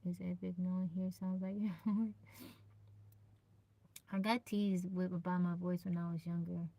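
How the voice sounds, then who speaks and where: A woman with a naturally low, soft voice chatting on a live stream. She greets viewers by name, laughs often and pushes herself to project. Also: monotone, a little slow. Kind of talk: casual live-stream chat. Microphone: phone.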